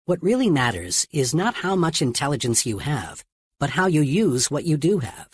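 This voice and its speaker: A man reading a self-help audiobook in a steady, earnest narration. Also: on the high side, normal speed, husky.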